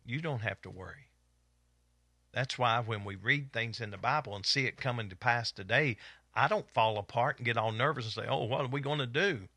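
A middle-aged man from East Kentucky, with an Eastern Kentucky Appalachian accent, preaches a fervent Bible study, hollering with excitement as he teaches. His voice is medium-pitched at a normal pace, with no echo.

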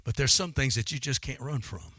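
A man's voice: mid-range voice, a little fast, fairly bright tone, dry recording. A man preaching a sermon in a fervent, dramatic style. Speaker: pastor.

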